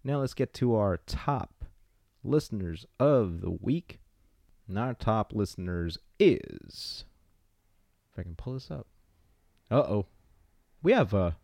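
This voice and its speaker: Hyped, low-voiced man hosting a podcast. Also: very animated, slow pace, vocal fry, long pauses, warm tone, no room sound, clean studio sound. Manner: hyped, playful, riffs on names. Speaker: podcast host. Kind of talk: casual podcast shout-outs.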